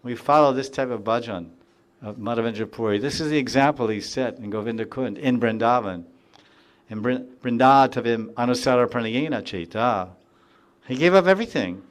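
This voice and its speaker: A man giving a devotional lecture, reciting verses and explaining them phrase by phrase with pauses and repetition, lifting his voice when he quotes heartfelt pleas. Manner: rises in pitch and volume when quoting heartfelt pleas; frequent pauses with fillers. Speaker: spiritual teacher.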